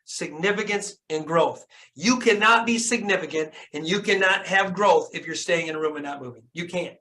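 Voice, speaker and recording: A man's voice: sits high, fairly quick, bright, forceful tone. A man giving a fired-up motivational talk on a video call, preaching and asking the audience questions, repeating phrases for emphasis and cursing casually. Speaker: motivational speaker.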